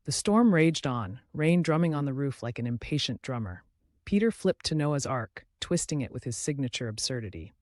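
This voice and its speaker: A man giving scripted narration of a comic cartoon story in a wry, deadpan manner. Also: medium pitch, normal speed, no room sound, clean studio sound.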